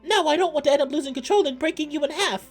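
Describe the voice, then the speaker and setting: A shrill, touchy little fluffy guy. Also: very fast, soft background music. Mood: indignant. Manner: shrill, indignant outbursts. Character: small fluffy male tavern guest, touchy and boastful.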